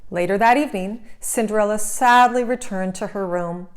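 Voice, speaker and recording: A woman narrating a children's storybook aloud, clear, gentle and expressive. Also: medium pitch, normal speed.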